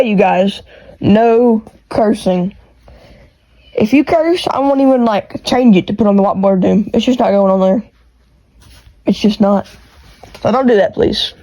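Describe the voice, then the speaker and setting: Fast-talking Texas country woman. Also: a little high, warm tone, poor audio. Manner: fast-talking, rambling with restarts. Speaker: podcast host. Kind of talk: casual solo podcast chat. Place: her bedroom. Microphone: AirPods with iPhone recording.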